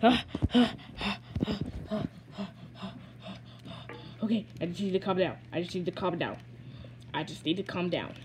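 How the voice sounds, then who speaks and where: A woman voicing an excitable male cowboy toy sheriff in gameplay commentary, repeating and sputtering words. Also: fairly low pitch, normal speed, noisy background, natural voice. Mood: frustrated. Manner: repeats phrases over and over, sputters and stammers. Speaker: gamer playing in character.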